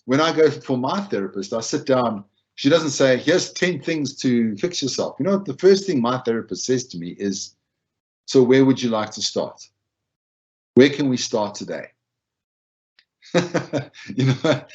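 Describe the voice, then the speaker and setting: A man's voice: medium pitch, lo-fi sound. A man giving an informal wellbeing talk on supporting others, conversational, often repeating himself and acting out what people say. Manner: conversational, repeats phrases, acts out quoted lines. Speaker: wellbeing speaker.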